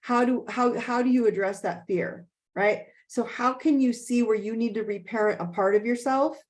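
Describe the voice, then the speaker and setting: Woman life coach, fairly high voice, emphatic, video call. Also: normal speed, darkish tone. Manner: emphatic, repeats key phrases, frequent "okay?" check-ins. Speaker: life coach hosting a group session. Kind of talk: motivational talk and Q&A.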